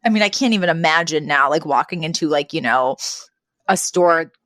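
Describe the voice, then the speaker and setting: A woman co-hosting a podcast in a casual chat, rambling and animated and often laughing. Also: low voice, fairly quick, no echo, clean studio sound. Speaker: podcast co-host.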